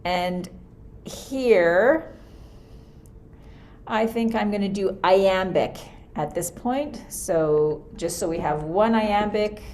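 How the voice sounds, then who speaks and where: A woman's voice: mid-range voice, slow pace, long pauses, a little mellow. Woman music teacher, casual think-aloud lesson, computer mic. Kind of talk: screen-recorded lesson. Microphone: computer mic for a screen recording.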